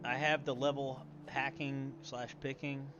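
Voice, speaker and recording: A man's voice: mid-range voice, little pitch movement, measured pace, lo-fi sound, music in the background. A young man streaming a game, rambling and swearing casually as he plays. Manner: rambling, profane, muttering to himself. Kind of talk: casual gameplay commentary.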